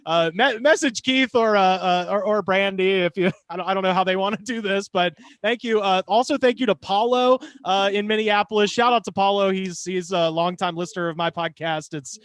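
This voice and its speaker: A man hosting a comedy fundraiser, thanking donors in a halting way with lots of filler. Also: high-pitched, steady tone, fairly bright tone, clean tone, no room sound. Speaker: show host. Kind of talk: casual hosting between acts.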